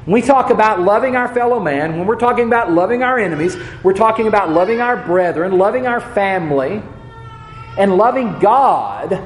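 A man's voice: sits high, lively intonation, a little hiss or hum. Earnest preacher man in an echoey room. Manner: measured and earnest, slowing on key words, dropping soft at the ends of points. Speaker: preacher teaching a Bible lesson. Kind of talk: sermon.

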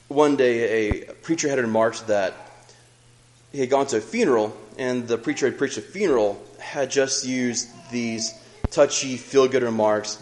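A young man preaching a sermon in an earnest, measured way, reading scripture aloud between his own remarks. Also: mid-range voice, a little mellow, slight background noise, poor audio.

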